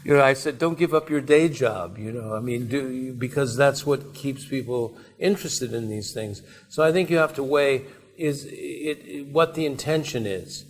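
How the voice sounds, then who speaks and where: A man's voice: medium pitch, normal speed, a little hiss or hum. A man giving a conversational talk at a university, telling anecdotes in a rambling way with frequent restarts and asides. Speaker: invited speaker. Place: university seminar room.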